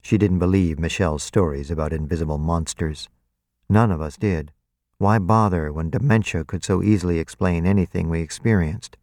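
A man narrating a novel in the first person in a wry, even way, close to the mic. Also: low voice, normal speed, no room sound. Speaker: audiobook narrator.

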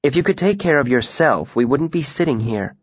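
A man voicing a worldly, sharp-tongued young woman in an audiobook, blunt and wry, gentle one moment and scathing the next. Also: medium pitch, lively intonation, fairly quick, breathy edge, no room sound, voice pushed up. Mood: brisk, practical. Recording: dull lo-fi dry recording.

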